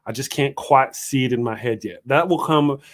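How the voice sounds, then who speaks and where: A man's voice: mid-range voice, normal speed. A man hosting a solo livestream morning show, talking casually and ranting in a rambling, self-deprecating way.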